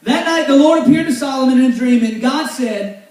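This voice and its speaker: A man's voice: very high-pitched, fairly quick. A man preaching a casual, joking sermon to a youth group in a church hall. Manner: joking, loud and animated, teasing the sound crew. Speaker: youth pastor. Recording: echoey hall, voice far from the mic.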